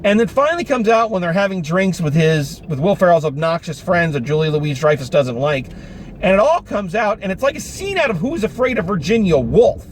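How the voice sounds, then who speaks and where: A man giving a casual, animated review of a film, talking with exasperation and some swearing, recorded in a car. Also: sits high. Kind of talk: casual spoken movie review. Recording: noisy car interior.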